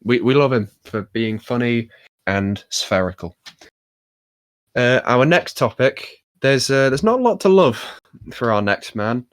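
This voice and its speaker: A man's voice: medium pitch, lively intonation, a little slow, no room sound. A young man hosting a casual podcast, talking in a rambling, wry way full of fillers. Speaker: podcast host. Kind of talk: casual chat about wrestling.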